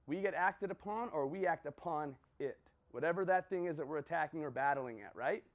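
A man's voice: a little high, brisk, narrow, tinny audio. A man giving a motivational talk to a group, telling a story and checking in with "right?" and "okay?". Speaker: motivational speaker.

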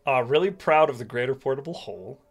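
A man's voice: mid-range voice, quick pace. Rambling casual male game master. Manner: relaxed, rambling, lots of uh and like. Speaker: podcast co-host and game master. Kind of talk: casual chat.

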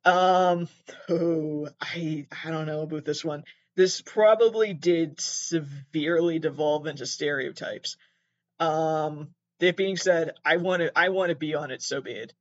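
A man hosting a comedy show, rambling through a digressive monologue that keeps interrupting itself, with sudden squeaky jumps in pitch. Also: highs cut off. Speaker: comedy podcast host.

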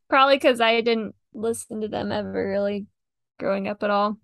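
A young woman chats easily about music, laughing often and filling her talk with "like". Her voice carries a gravelly fry and sits close on a dry mic. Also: medium pitch, a little slow, no echo. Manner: chatty, giggly, lots of "like". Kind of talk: casual chat reviewing songs.

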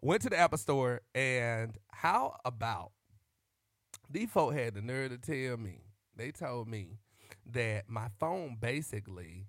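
Guy ranting preacher-style on his vlog, shouty and jokey, big swings up and down, real dry mic. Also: mid-range voice, slow, no echo. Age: adult. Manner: animated, shouts and laughs, drawls y'all. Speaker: vlogger. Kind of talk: comic monologue with preacher-style riffs. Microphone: close microphone.

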